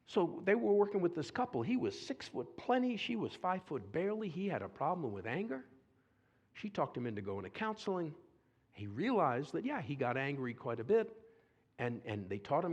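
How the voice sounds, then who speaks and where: A man giving a lively sermon to a church congregation, telling a story, acting out quotes and drawing answers from the audience. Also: mid-range voice, moderate pace. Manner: animated, calls for audience response, acts out quotes. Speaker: speaker at a church seminar. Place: church sanctuary.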